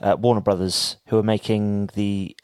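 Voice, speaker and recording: A man's voice: fairly low pitch, level tone, normal speed, darkish tone, clear, resonant tone, no echo. A man co-hosting a podcast, chatting casually and jokingly as he reads entertainment news from his notes. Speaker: podcast co-host. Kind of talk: casual chat.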